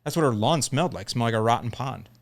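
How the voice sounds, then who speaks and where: A man's voice: mid-range voice, lively intonation, fast, gravelly. A middle-aged man hosting a lawn care podcast, telling a story in a casual, joking way.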